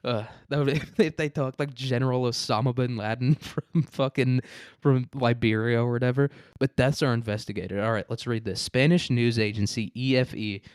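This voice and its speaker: A man's voice: mid-range voice, fairly even intonation, moderate pace, smooth, dry recording, studio quality. A young man hosting a profane, rambling comedic commentary on news stories. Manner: rambling, crude, laughing. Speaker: host.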